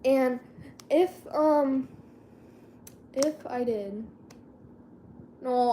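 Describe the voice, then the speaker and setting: A woman's voice: fairly high pitch, mellow, slight background noise. A teenage girl vlogging in a casual chat, rambling and slangy and often losing her train of thought.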